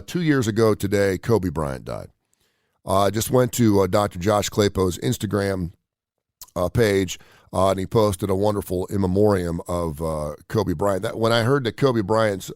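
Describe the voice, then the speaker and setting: A man's voice: low voice, darkish tone, no room sound. A middle-aged man hosting a morning radio talk show from his home studio, rambling with lots of fillers and restarts.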